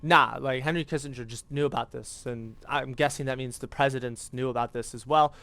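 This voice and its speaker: A man's voice: medium pitch, steady tone, a little fast, a bit bright, dry recording. A man from the United States rambling through casual, profane history commentary over gameplay, with lots of fillers. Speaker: gaming YouTuber.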